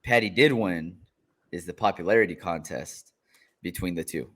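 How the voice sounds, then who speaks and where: A man's voice: sits low, normal speed, a bit bright. A man co-hosting a podcast, talking through a fight in easygoing casual chat. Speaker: podcast co-host.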